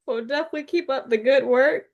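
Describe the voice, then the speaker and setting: A woman in her thirties hosting a podcast, chatting in a bubbly, animated way. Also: high voice, fast talker, highs cut off. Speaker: podcast host. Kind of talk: casual podcast chat.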